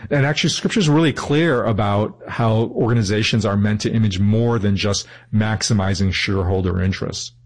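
A man's voice: lowish voice, a little fast, hardly any pauses. A man being interviewed, explaining his ideas earnestly and thoughtfully, often restarting mid-sentence. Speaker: interview guest.

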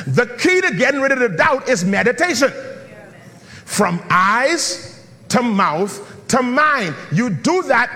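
A pastor preaches a sermon in a large hall, calling out to his congregation and swinging into a chanting, sung delivery with call-and-response. His voice is very high-pitched, bright, and forceful.

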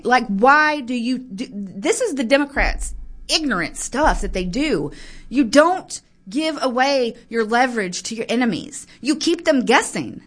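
A woman with a slightly higher voice delivers a heated political rant to camera. She talks in a fired-up, aggravated way and keeps breaking off to apologize before pressing on. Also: fairly bright tone. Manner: fired-up, ranting, quick to get aggravated; frequent apologetic asides. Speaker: political commentator. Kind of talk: heated political commentary vlog.

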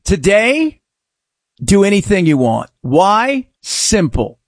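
Sarcastic talk radio host, high lively voice. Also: male voice, slow pace, dry recording, studio quality. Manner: sarcastic, mocking shouts. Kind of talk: opinionated talk radio monologue.

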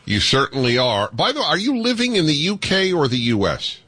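A man's voice: fairly high pitch, huge pitch swings, brisk, bright, forceful tone, slightly rough, no echo. A man hosting a radio talk show, effusive and jokey, sometimes talking over his guest. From United States.

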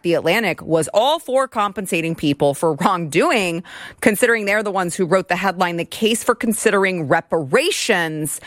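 A woman's voice: fairly low pitch, no echo, clean studio sound. A woman hosting a political talk show, sarcastic and mocking as she mimics others. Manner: sarcastic, mocking, puts on voices to imitate others. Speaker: show host.

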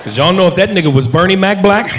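A man doing a stand-up routine on a comedy club stage, building up to shouted punchlines. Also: sits high, animated, fast talker, some chatter behind, a little hiss or hum. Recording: roomy live club recording with audience.

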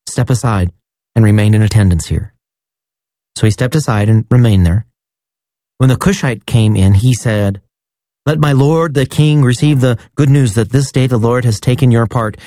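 A man giving a measured, solemn liturgical scripture reading. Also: mid-range voice, dark tone, no echo. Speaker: scripture reader.

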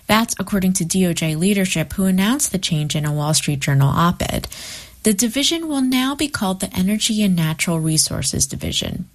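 A woman reading a scripted radio news report in a crisp, even way. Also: fairly low pitch, a little fast. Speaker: radio correspondent.

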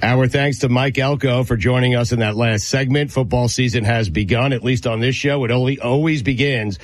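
A man's voice: mid-range voice, steady tone, moderate pace, no room sound. A man hosting a sports radio show, leading the banter in a dry, self-mocking way. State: coughing, choked up. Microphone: studio microphone. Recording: dry studio sound.

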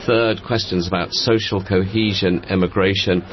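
A man with a very low, deep voice, delivering political analysis as a radio correspondent. He speaks emphatically and with animation, and the broadcast sound is a little dull. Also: steady tone, normal speed, slight background noise. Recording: muffled broadcast audio.

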